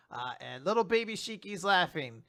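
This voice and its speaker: Podcast co-host, male, bright and smooth, dry close mic, animated quote voices. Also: high-pitched, dry recording. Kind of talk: casual recap chat, acting out quotes.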